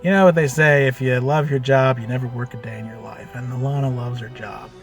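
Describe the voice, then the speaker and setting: A man telling the story of a tabletop game he ran as game master, in a loose, animated way with lots of fillers and casual swearing. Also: mid-range voice, a little fast, over loud music.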